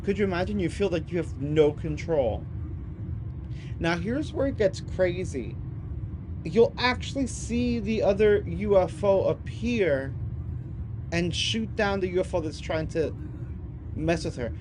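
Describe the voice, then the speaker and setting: A man hosting a compilation, giving excited casual commentary over video clips and calling the viewers "y'all". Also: high voice, a little slow, pauses often, background noise. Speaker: compilation host.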